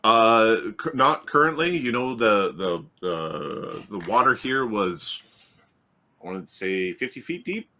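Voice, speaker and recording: Male game master, lowish voice, halting, restarts a lot, tabletop game. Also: expressive, sharp tone. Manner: halting, full of fillers and restarts.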